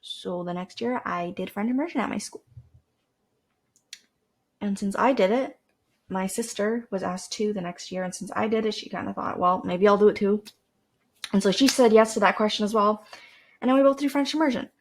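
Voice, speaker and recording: A woman's voice: mid-range voice, moderate pace. A teenage girl from Canada, rambling casually to camera as a podcast host, with lots of fillers and restarts. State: dry throat.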